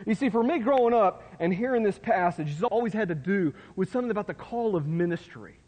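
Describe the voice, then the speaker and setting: A man's voice: high voice, lively intonation, normal speed, a little mellow. A man preaching a sermon in a folksy, conversational way, with asides to his listeners. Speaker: pastor. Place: church sanctuary. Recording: long hall reverb.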